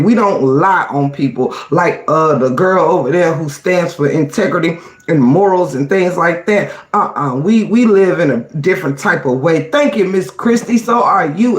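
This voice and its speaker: A man with a high voice rants sassily on a livestream and calls his listeners honey and girl. He stops to greet viewers in the chat by name. His voice echoes around the room. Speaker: livestream host. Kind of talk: casual livestream commentary.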